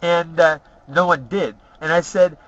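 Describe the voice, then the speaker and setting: A man's voice: on the high side, steady tone, measured pace, fairly bright tone, dry recording. A middle-aged man rambling through boastful, profane personal stories, tagging his lines with "okay?". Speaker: storyteller. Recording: dull lo-fi recording.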